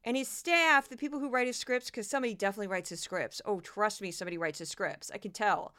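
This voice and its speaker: A woman's voice: mid-range voice, quick pace, bright, forceful tone, no echo, clean studio sound. A woman in her forties hosting a podcast, giving casual, sarcastic and exasperated commentary on news clips. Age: 40s. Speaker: podcast host.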